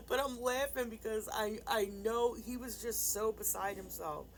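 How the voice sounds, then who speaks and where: A woman's voice: on the high side, a little slow, low-quality recording. A woman vlogger casually telling a rambling personal story, full of fillers and restarts. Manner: subdued and grieving in later part. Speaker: nail art vlogger.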